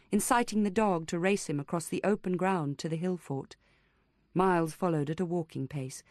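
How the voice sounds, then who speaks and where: A woman reading an unabridged audiobook as narrator, in a measured, even storytelling manner. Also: deep voice, no room sound, clean studio sound. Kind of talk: scripted narration.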